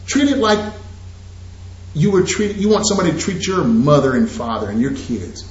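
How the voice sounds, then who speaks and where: A man giving an energetic real estate investing seminar, talking straight to his audience. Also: on the high side, normal speed. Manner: animated, preachy, addresses audience directly. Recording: echoey lo-fi room recording.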